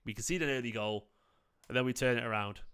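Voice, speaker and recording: A man's voice: medium pitch, quick pace, fairly bright tone, clear, resonant tone. A young man hosts a live football watchalong, chatty and prone to laughing fits. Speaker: football fan channel host. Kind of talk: live match watchalong commentary.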